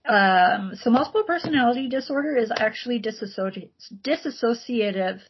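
A woman, a podcast guest chatting casually, relaxed and talkative with many likes and ums. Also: on the high side, moderate pace, slight background noise. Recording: slightly dull, lo-fi audio.

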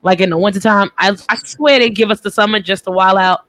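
A podcast host chatting casually, chiming in with quick, teasing remarks. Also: mid-range voice, steady tone, fairly bright tone, dry recording. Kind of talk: casual chat.

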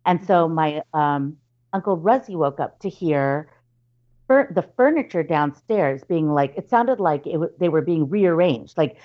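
A woman's voice: sits low, expressive, a little slow, highs cut off. A woman telling a spooky family story in casual chat, with plenty of fillers and restarts, and acting out her relatives' lines. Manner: chatty, many fillers and restarts, acts out relatives' voices.

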